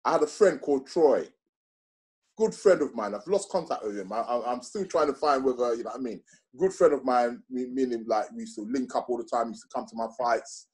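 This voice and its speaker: A man's voice: mid-range voice, a little fast. A middle-aged man telling stories in a casual interview, acting out what other people said and using lots of slang. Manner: animated, acts out other people's lines with slang-heavy talk. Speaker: interview guest. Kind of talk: casual storytelling chat.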